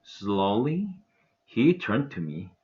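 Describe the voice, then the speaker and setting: A man with a Korean accent, an English teacher reading a children's novel aloud in an expressive, animated way, on a dull lo-fi recording. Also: lowish voice, takes it slowly.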